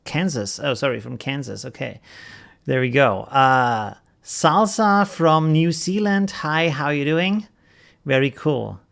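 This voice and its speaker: A man's voice: fairly high pitch, expressive, takes it slowly, vocal fry, a bit bright, clear, resonant tone. A man with a German accent hosting a casual live stream, greeting viewers by name and chuckling often.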